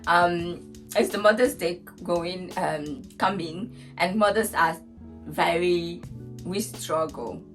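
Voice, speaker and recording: A woman's voice: lowish voice, slow. A young woman chatting casually as a vlogger about being a mother, laughing often and restarting sentences. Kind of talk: casual chat. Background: soft guitar music.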